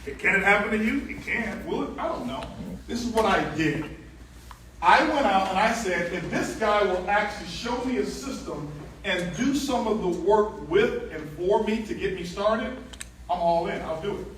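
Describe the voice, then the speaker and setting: A man giving a lively motivational seminar talk, telling stories and joking with a live audience. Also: sits high, moderate pace, a little hiss or hum. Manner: animated storyteller, jokes with the crowd, asks for hands. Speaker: motivational speaker on stage. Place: large event hall. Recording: echoey hall, distant mic.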